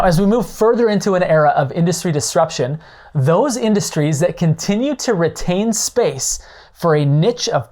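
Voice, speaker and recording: A man's voice: on the high side, darkish tone. Give me a man hosting a teaching podcast, conversational and direct. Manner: conversational, tag questions. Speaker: podcast host. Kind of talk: instructional monologue.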